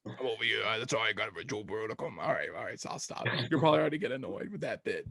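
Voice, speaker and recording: A man's voice: lowish voice, lively intonation, very fast, gravelly, a loud crowd. A man co-hosting a casual sports podcast, joking loosely and mocking teams and coaches. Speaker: podcast co-host.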